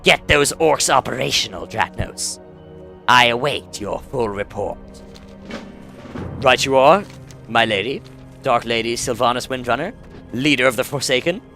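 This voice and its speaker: A man's voice: medium pitch, a bit bright. A man, the host, giving chatty, rambling commentary over his gameplay and correcting himself often. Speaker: let's play host.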